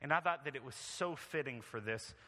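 A man's voice: mid-range voice, a little fast, bright, forceful tone, in a large hall. A man preaching a sermon as pastor, earnest and conversational, reading aloud at length.

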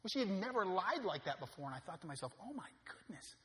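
Pastor guy preaching, bright edgy voice, big hall echo, gets loud then drops quiet for stories. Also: high voice, sing-song, racing. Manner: swings from loud preaching peaks to quiet storytelling. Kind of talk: sermon. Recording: long reverb of a hall.

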